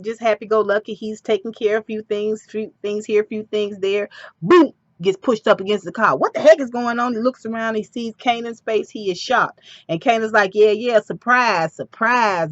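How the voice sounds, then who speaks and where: A woman's voice: medium pitch, no echo, highs cut off. Chatty woman recapping a show. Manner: animated storytelling with asides. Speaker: TV episode recapper. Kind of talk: casual TV recap.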